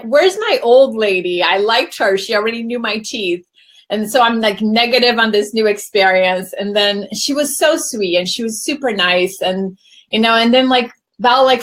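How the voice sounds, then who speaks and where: A woman hosting a casual chat, telling a personal story in a chatty way with lively quoted asides. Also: a little high. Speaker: host.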